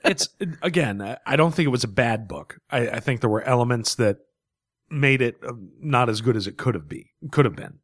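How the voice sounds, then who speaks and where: A man co-hosting a casual comic book review chat, talking in an animated way and laughing readily. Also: mid-range voice, a little fast, no room sound, clean studio sound.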